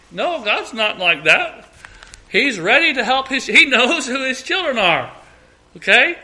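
A man's voice: extremely high pitch, expressive, slow pace, sharp tone. A middle-aged man leading an evening Bible study, earnest, repeating key phrases and acting out short prayers.

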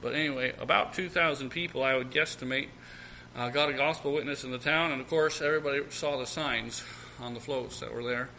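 A man preaching a sermon as pastor, with many fillers and restarts, then reading scripture aloud in a raised, slow cadence. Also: mid-range voice, sharp tone, slight background noise, rough recording.

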